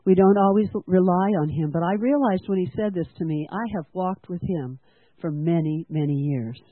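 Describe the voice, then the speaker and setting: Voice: mid-range voice, moderate pace, no echo. A church-school teacher preaching a sermon in an earnest way, asking the congregation questions and having them repeat lines. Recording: dry, tinny phone-like sound.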